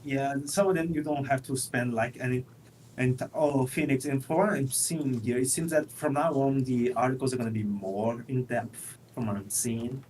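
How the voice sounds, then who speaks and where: A man's voice: medium pitch, fairly even intonation, moderate pace. Young male co-host, casual, dry delivery, slight background noise on his mic. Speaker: stream co-host. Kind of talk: casual stream chat.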